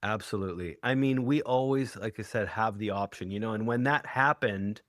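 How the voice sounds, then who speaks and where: A man's voice: lowish voice, normal speed, fairly bright tone, dry recording. Earnest reflective man, dry sound. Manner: earnest, reflective, acts out quoted lines. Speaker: guest, hypnotherapist and author. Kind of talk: conversational interview.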